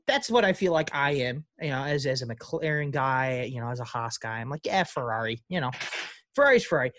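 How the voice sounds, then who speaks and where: A man's voice: high-pitched, no room sound, clean studio sound. A man co-hosting a casual podcast chat, laughing often and reading quotes aloud with rambling asides. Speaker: podcast co-host.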